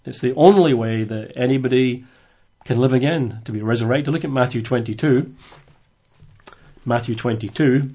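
A man's voice: medium pitch, normal speed, dark tone, slightly rough. Guy doing a casual bible study, reads verses then chats about them, kinda dull lo-fi sound. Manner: reads scripture aloud, then comments conversationally with asides. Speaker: Bible teacher. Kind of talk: informal Bible study talk.

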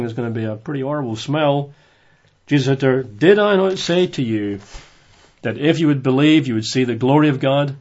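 A man giving an informal Bible study, reading verses aloud and then commenting on them in a relaxed, conversational way. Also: medium pitch, muffled recording. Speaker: Bible teacher.

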